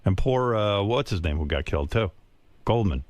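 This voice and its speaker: An older man hosting a radio show, telling a crude comic story with brash boasting and quick mocking voices. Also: fairly low pitch, lively intonation, darkish tone, no room sound. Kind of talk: crude comedic radio banter. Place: radio studio.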